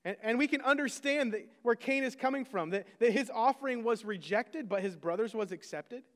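Man, pastor, sermon, conversational, self-deprecating, high voice, long reverb. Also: brisk.

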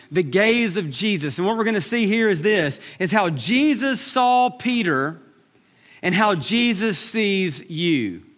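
A man preaching a sermon as pastor, animated, acting out the lines he quotes. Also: high-pitched. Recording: reverberant hall.

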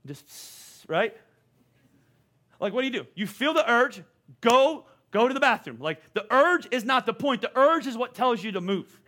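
A male pastor in his forties preaching with a high, bright voice. He speaks with eager energy and often stumbles over repeated words as he drives a point home. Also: big pitch swings, moderate pace. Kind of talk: sermon.

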